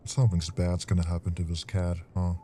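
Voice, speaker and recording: A man's voice: sits low, flat delivery, brisk, warm tone, faint music behind. A man streaming a game who chats casually, swears and giggles at his own stories.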